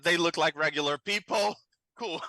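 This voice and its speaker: A man playing a tabletop role-playing game, talking in a lively, nervous, hesitant way. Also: fairly high pitch, moderate pace, no room sound, rough recording. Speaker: player. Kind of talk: tabletop role-play, in character.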